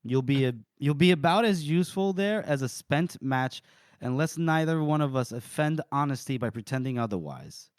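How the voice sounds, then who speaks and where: A man's voice: on the high side, animated, normal speed, smooth, dry recording, clean studio sound, natural voice. A man reading a blunt, tough frontier woman. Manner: blunt, bitter.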